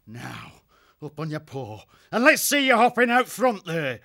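A man voicing a brutal, swaggering male ferret warlord who talks in a rough, slangy, taunting way. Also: sits high, huge pitch swings, a little slow, bright, forceful tone, voice pushed up, full character voice. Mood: menacing.

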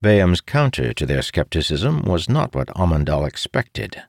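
A man narrating a fantasy audiobook in a steady, expressive way. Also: low-pitched, normal speed, few pauses, dry recording, studio quality.

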